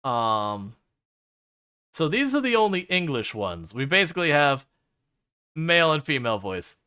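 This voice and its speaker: A man's voice: a little high, big pitch swings, measured pace, sharp tone, clear, resonant tone. A man chatting casually to his chat while streaming a driving game, rambling with lots of fillers and playfully mocking the game.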